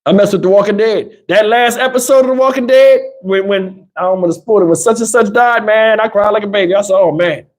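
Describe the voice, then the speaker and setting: A man's voice: high-pitched, a little fast, few pauses. A middle-aged man with a Southern US accent hosting a casual livestream, loose and chatty, laughing often and acting out movie lines. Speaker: livestream host. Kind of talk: casual live chat reading donations.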